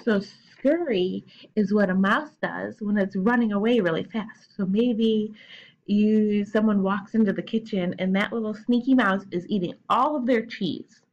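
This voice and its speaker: A woman's voice: medium pitch, measured pace, lo-fi sound. A young adult woman teacher giving a recorded lesson to children, explaining patiently and step by step.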